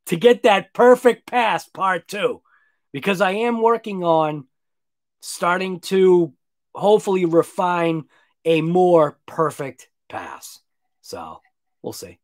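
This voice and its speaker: A sleepy man signs off a late-night live stream, his voice sitting a little high for a man. He rambles loosely, repeats himself and lets his sentences trail off quietly. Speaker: RC hobby channel host.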